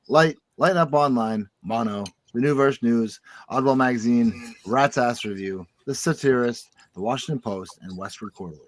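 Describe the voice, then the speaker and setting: A man hosting a casual podcast chat, making wry quick asides and reading out a bio. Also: fairly low pitch. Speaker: podcast host.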